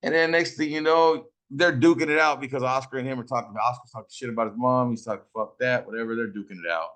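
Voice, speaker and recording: A man's voice: medium pitch, quick pace, a bit bright. A middle-aged man from Fresno, California, telling stories casually while smoking, profane, boastful and full of slang. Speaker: host.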